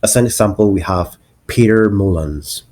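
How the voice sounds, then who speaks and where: A man narrating a lesson on English accents, explaining slowly and deliberately and spelling out example words. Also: on the low side, a little mellow.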